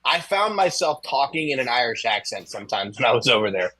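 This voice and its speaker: A man's voice: medium pitch, big pitch swings, fast, over a noisy crowd, low-quality recording. A young adult man co-hosting a casual talk show, rambling with many fillers and restarts. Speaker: co-host.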